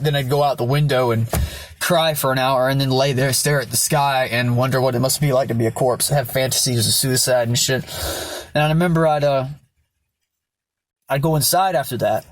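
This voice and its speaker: A man's voice: mid-range voice, fairly even intonation, moderate pace, no room sound. A young man telling his personal backstory in a candid vlog, blunt and rambling, with lots of swearing. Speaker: vlogger.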